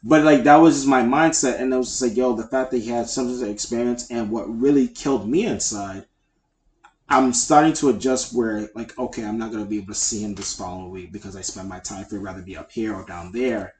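A man's voice: medium pitch, brisk, a little hiss or hum. Rambling heartfelt man in an echoey room. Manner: heartfelt, rambling, many fillers. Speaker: podcast co-host. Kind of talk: casual chat.

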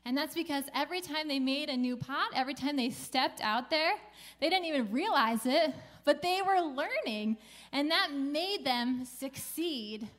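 A woman's voice: sits high, expressive, moderate pace, a bit bright. A woman pastor preaching a sermon in a conversational way, with casual slang mixed into her preaching.

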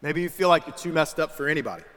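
Young guy preacher, high bright voice, chatty storytelling, big echoey church hall. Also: racing. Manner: conversational storytelling, voices quoted people. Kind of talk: sermon. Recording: reverberant hall with music underneath.

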